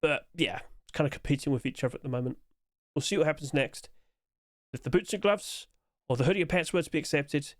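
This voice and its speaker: Guy, upbeat rambling skins commentary, slightly high voice, chuckles often. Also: no room sound, studio quality. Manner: chatty, rambling, chuckles to himself; quick-talking, trying to rush through. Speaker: game skin commentator. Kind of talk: casual solo commentary.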